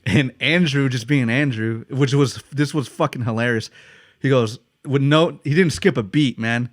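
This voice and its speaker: A man's voice: mid-range voice, moderate pace, no room sound, clean studio sound. An American man hosting a podcast, telling stories casually, swearing freely and laughing often. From United States. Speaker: podcast host. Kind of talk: casual storytelling chat.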